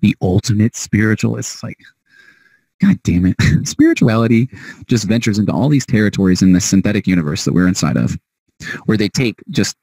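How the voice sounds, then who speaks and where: A man's voice: lowish voice, gravelly, a little mellow, husky, no room sound, low-quality recording. A man hosting a solo podcast monologue, heated and emphatic, cursing freely. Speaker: podcast host.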